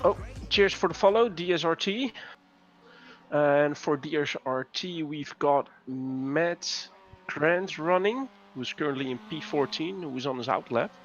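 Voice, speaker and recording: A man's voice: a little high, unhurried. A man co-commentating on an online race in an easygoing way, reading out chat messages. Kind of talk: casual sim racing commentary. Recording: dull lo-fi stream audio with faint noise.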